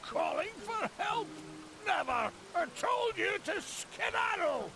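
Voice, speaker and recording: An actor voicing a rude, grumpy male wood dwarf who shouts and cackles, in a video game. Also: very high-pitched, big pitch swings, takes it slowly, gravelly, noisy background, full character voice.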